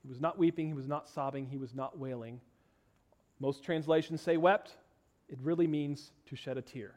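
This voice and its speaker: A man preaching from the pulpit with a fairly high voice. He reads scripture and leads prayer, lifting his voice to stress a point and dropping to a soft, low hush when praying. His delivery is expressive and varied. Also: moderate pace. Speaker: pastor. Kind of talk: sermon.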